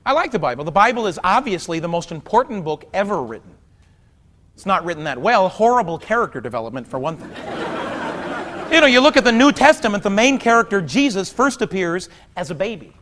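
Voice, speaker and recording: A man in his thirties doing stand-up comedy on a theater stage, talking wryly and conversationally, then breaking into loud outbursts. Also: high-pitched, big pitch swings, brisk, slight background noise. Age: 30s. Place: theater stage before a large audience. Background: audience laughter.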